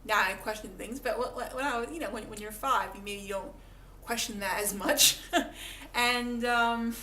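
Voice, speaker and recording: A woman's voice: fairly high pitch, fairly even intonation, bright, forceful tone. Chatty woman vlogger, echoey room. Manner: chatty, self-mocking, acts out little voices for animals; halting, repeats words. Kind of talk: casual talk to camera. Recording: echoey room, faint background noise.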